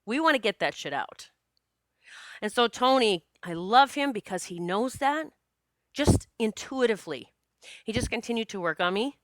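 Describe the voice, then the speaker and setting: A woman podcast host and psychic medium telling a personal story in a casual, animated, earnest way, with many restarts and quoted self-talk. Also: a little high, moderate pace, no echo, clean studio sound. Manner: spiritual, earnest.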